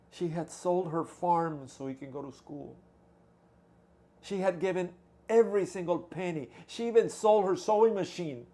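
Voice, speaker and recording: Male pastor, kinda high voice, storytelling sermon, goes soft then big. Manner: dramatic swings from hushed to loud.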